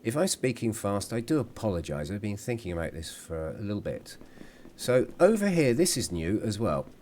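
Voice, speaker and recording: A man talks through his gameplay in a relaxed, chatty way, pausing to hum or apologise. His voice sits low but rises and falls with a lot of life. Faint game ambience hums behind him. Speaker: gameplay commentator. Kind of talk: casual gameplay commentary.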